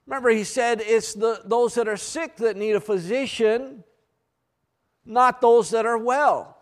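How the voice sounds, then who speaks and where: A man's voice: extremely high pitch, unhurried. A man preaching a sermon, reading scripture aloud and adding earnest, plain-spoken asides.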